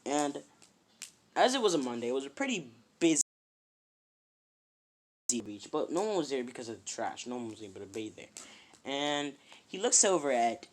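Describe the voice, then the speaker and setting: A man's voice: medium pitch, sing-song, normal speed, pauses often. Rambling young man telling a fan story. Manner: rambling, lots of "he's like" and fillers. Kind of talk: casual improvised fan-story narration.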